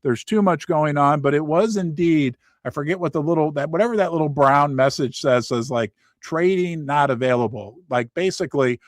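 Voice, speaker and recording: A middle-aged American man hosting a casual market commentary from his basement, animated and jokey, rambling with restarts and asides. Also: a little high, normal speed, hardly any pauses, dry recording. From United States. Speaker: host.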